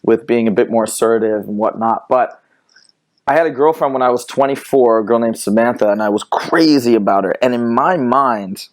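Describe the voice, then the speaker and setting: A man's voice: medium pitch, normal speed. A man hosting a dating podcast, talking casually and rambling through his questions with easy laughter. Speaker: podcast host. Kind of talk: podcast interview.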